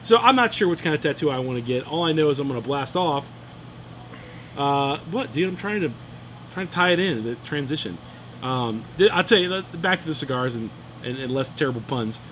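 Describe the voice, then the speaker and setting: A man's voice: on the high side, lively intonation, brisk, fairly bright tone, a little hiss or hum. A middle-aged man hosting a cigar review, chatting in an enthusiastic, joking way. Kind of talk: casual chat. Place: room in Phoenix, Arizona.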